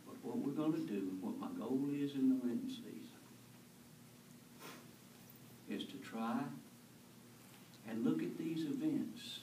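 A male pastor with a mid-range, darkish voice preaches an earnest, conversational sermon, posing questions to his congregation. The recording has slight background noise and sounds echoey, as if captured from far off in a church.

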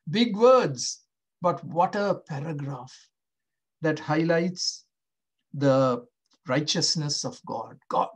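A male pastor preaching a sermon, slow and emphatic, often asking the listeners questions. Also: fairly high pitch.

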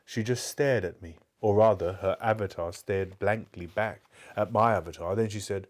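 A man reads a novel aloud for a live book club, his voice sitting fairly low. He narrates at a steady pace, now and then backing up to restart a phrase. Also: moderate pace, few pauses. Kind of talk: live audiobook reading.

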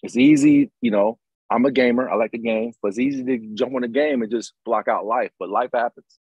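Middle-aged male host, husky, emphatic and motivational, dry close sound. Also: mid-range voice, fairly even intonation, fairly quick, dry recording, highs cut off. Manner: emphatic, motivational, repeats phrases. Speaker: podcast host, retired Green Beret. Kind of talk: casual conversation.

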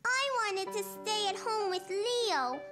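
A woman's voice: animated, takes it slowly, full character voice. A woman voicing a four-year-old cartoon boy, eager and playful, sometimes sulky. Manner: high piping child voice, eager and whiny at times. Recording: children's music under the voice.

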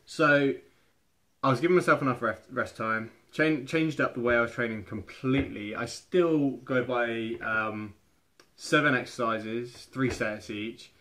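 A young Englishman talking straight to camera about his workouts. His delivery is loose and conversational, and he keeps doubling back to fix a word mid-sentence. His voice sits at a middling pitch for a man. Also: unhurried, sharp tone. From England. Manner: chatty, rambling, often restarts mid-phrase. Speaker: fitness vlogger. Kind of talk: casual advice talk to camera.

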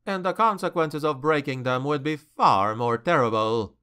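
A man voicing a stern dark elf noble who speaks in a cold, warning tone, in a fantasy audiobook. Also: mid-range voice, moderate pace, clear, resonant tone, natural voice.

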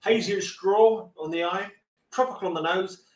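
A high-pitched man with a Cockney accent from London's East End co-hosts a casual beer-tasting podcast, joking, rambling, and swearing freely at normal speed. The mic is distant, and the recording has a roomy echo.

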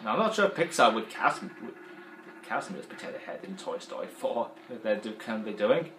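A man's voice: lowish voice, sing-song, brisk, a bit bright, roomy sound, a little hiss or hum, rough recording. A man with a Yorkshire accent giving rambling, casual game commentary as a let's play host. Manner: rambling, chatty, trailing off.

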